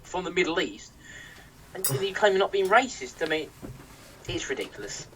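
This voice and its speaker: A young English podcast host has a high-pitched, sing-song, fairly bright voice and a moderate pace. His casual rant turns heated and sweary, with many restarts. Faint noise comes through the distant mic.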